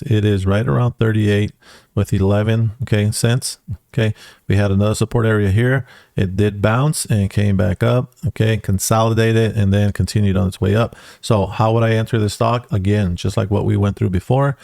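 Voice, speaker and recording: A man's voice: on the low side, creaky, a little mellow, dry recording, studio quality. A man talking casually through stock charts as a trading educator, tagging lines with "okay" and "guys.". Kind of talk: casual screen-share chart walkthrough.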